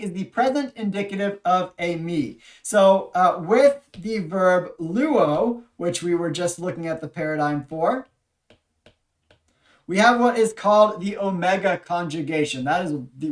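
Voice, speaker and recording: A language instructor giving a recorded lecture, patiently explaining and leading repeat-after-me drills with frequent pauses and fillers. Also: medium pitch, distant mic.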